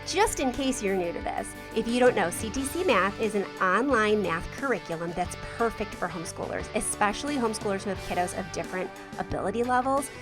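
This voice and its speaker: A woman in her forties hosting a podcast, chatting casually and enthusiastically about family life and reading a sponsor message. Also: mid-range voice. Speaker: podcast host.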